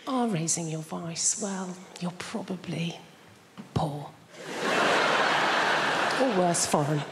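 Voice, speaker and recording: A woman's voice: fairly low pitch, takes it slowly, very noisy. A woman doing stand-up comedy in a theatre, chatty and teasing the audience. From England. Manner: chatty, teasing the audience, does her mum's voice. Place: large theatre stage. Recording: theatre reverb with loud audience.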